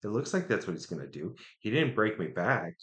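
Low-voiced man muttering game commentary. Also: fairly quick. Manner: excitable, trash-talking, muttering to himself. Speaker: gaming streamer. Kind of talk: live gameplay commentary.

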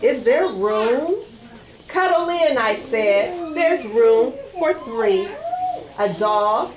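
A woman reading a picture book aloud at a library storytime, coaxing the children to join in. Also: a little high. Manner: sing-song, animated, coaxing kids to join in. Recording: echoey room.

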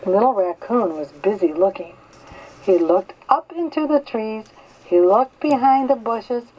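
Grandmotherly storybook reader, slow and gentle, slightly dull lo-fi recording. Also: a little high, expressive. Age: older. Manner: slow, gentle, clear reading. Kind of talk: children's story read aloud.

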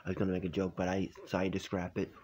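A young man reacting to his own old videos in a hushed, half-whispered voice, incredulous and amused. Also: deep voice, monotone, racing, background noise. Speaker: YouTuber. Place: home at night.

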